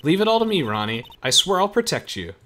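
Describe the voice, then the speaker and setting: A man's voice: a little high, very animated, background noise. Man doing a sugary, coy flamboyant wife. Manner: sweet, coaxing, drawn-out phrasing.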